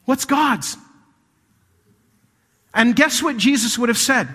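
A man preaching a sermon as pastor, animated, swinging between loud emphasis and hushed intensity. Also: very high voice, slow, pauses often, slightly rough, big-room sound.

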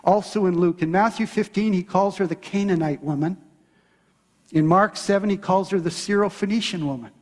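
A man with a notably high voice delivers a sermon from the pulpit. He retells a scripture story dramatically, slipping into the characters' lines. His words carry a long echo through a large church hall. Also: normal speed. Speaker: pastor.

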